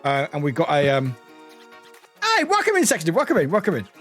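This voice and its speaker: A young British man chatting while he plays a game on stream. His voice sits high and leaps all over the place as he laughs, shrieks and swears. Faint music plays underneath. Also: brisk. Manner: excitable, laughing, loud yelps and swearing. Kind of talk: live game streaming chat.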